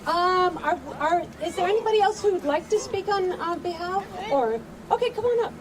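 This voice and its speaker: A woman's voice: very high-pitched, lively intonation, brisk, recorded from a distance, background noise. A woman organizer calling up the next speakers in a hesitant, apologetic way. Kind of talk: informal emcee remarks.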